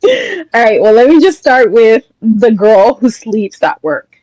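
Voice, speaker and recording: A woman calls in to a podcast and tells a workplace story casually and with lots of energy, acting out her coworkers' lines in mock voices. Her voice is fairly high and a little slow, and the recording is muffled but has no echo.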